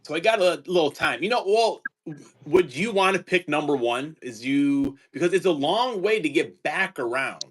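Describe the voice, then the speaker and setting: Chatty guy hosting a home stream, talks on and on, slightly high voice. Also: lively intonation, moderate pace, fairly bright tone, husky. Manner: chatty, easygoing, rambling. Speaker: teacher and card-collecting stream host. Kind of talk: casual livestream chat.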